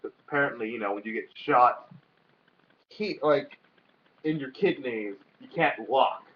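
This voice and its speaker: A man's voice: medium pitch, unhurried, slight background noise. A young man co-hosting a casual vlog chat, rambling with lots of fillers and swearing freely. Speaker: vlog co-host. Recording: dull lo-fi sound.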